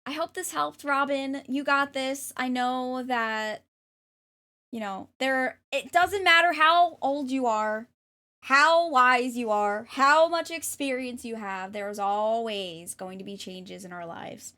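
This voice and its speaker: Bubbly high bright-voiced woman streamer. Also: takes it slowly. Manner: bubbly, reads chat aloud and thanks viewers; jokingly puts on an English accent. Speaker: livestreamer and tarot reader. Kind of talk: casual livestream chat.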